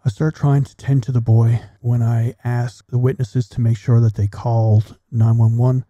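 A middle-aged man and military veteran, a podcast guest, telling a personal story bluntly and with plenty of swearing, in a measured delivery. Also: mid-range voice, flat delivery, warm tone, no room sound, muffled recording.

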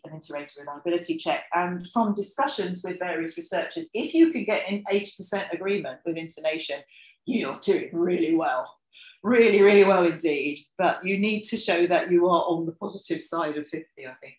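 A woman giving an academic workshop talk, lively and animated, with many fillers and asides and a rising, expressive delivery when she acts out examples. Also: lowish voice, roomy sound, low-quality recording. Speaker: lecturer presenting research. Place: lecture room.

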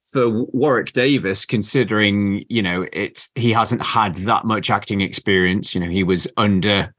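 A man with a low voice talks through a film in easy podcast chat. He often stops, restarts and searches for words as he goes. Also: fairly bright tone, husky. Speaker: podcast co-host.

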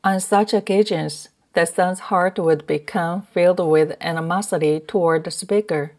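A woman narrating a translated novel as an audiobook in a measured reading. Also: on the low side, steady tone, a little mellow. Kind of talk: scripted narration.

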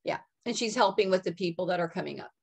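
Woman medium, soft and halting, relaying channeled messages, many restarts and fillers. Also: on the low side, vocal fry, slightly rough. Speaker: psychic medium. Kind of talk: channeling messages in casual chat.

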